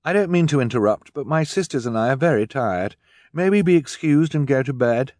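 A man's voice: medium pitch, expressive, brisk, darkish tone, no echo, clean studio sound, pitched above the performer's own voice, close to an everyday voice. A man voicing an earnest, bookish teenage boy in an audiobook, polite and precise.

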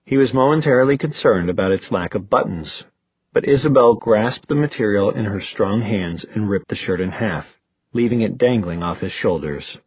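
A man narrating an audiobook in an expressive, storytelling manner. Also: lowish voice, moderate pace, breathy edge, no echo. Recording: dry, phone-like thin sound.

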